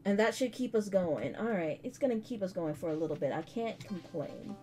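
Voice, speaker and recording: A woman's voice: mid-range voice, lively intonation, fairly quick, warm tone, slight background noise. A woman in her thirties casually commenting on her gameplay, chatty, slangy and self-mocking. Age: 30s. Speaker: gaming video host. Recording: game music behind. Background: game music.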